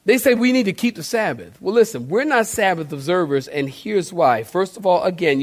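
A male pastor delivers a sermon in a notably high voice. He preaches with animated energy, turns to the congregation with direct questions and bursts into shouted, cartoonish exclamations for emphasis.

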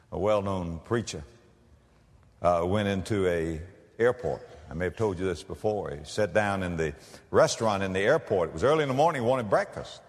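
A male pastor giving a sermon, swinging from loud cries to hushed tones. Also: deep voice, normal speed, long reverb tail.

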